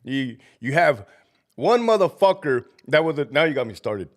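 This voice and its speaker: A man with a fairly high, sing-song voice talks at a moderate pace while hosting a casual livestream. He's a former prison officer, sick and feverish, who swears heavily, rants, and laughs often between greeting viewers.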